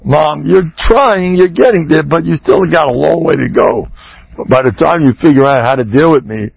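A man's voice: fairly high pitch, lively intonation, normal speed, gravelly, slightly rough, no room sound, pitched above the performer's own voice, full character voice. A man voicing a whiny, self-pitying five-year-old boy who craves attention, over a muffled radio broadcast. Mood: lecturing. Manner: whining, attention-seeking, mock-serious.

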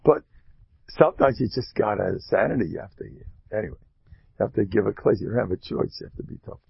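A man's voice: lowish voice, fast talker, gravelly, breathy edge, no room sound, dull audio. A man giving an informal, joking Torah talk, acting out quotes. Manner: animated, joking, acts out quotes. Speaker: rebbe and speaker.

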